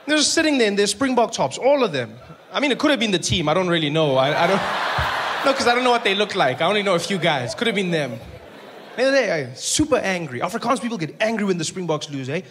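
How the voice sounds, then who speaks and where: A man's voice: high-pitched, sing-song, fast talker. A male stand-up comedian, riffing chattily with the crowd. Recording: stage recording with background noise.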